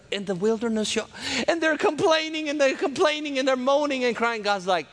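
A man preaching a folksy, joking sermon that swings between loud and soft and drops into character voices. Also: high-pitched, brisk. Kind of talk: lively sermon.

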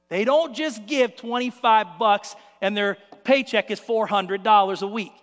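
High-voiced male preacher in a reverberant hall. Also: unhurried, few pauses. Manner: animated storyteller acting out scenes. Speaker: pastor. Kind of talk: sermon.

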